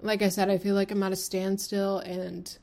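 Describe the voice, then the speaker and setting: A woman's voice: mid-range voice, flat delivery, moderate pace, gravelly, darkish tone. A woman in her twenties hosting a solo podcast, talking frankly and rambling, with lots of fillers and swearing. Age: 20s. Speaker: podcast host. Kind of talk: candid solo podcast talk.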